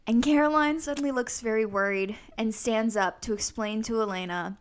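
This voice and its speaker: A woman's voice: mid-range voice, brisk, few pauses. A woman co-hosting a podcast, chatting enthusiastically about a TV episode, laughing and agreeing often. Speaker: podcast co-host recapping a TV episode. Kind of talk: casual recap chat.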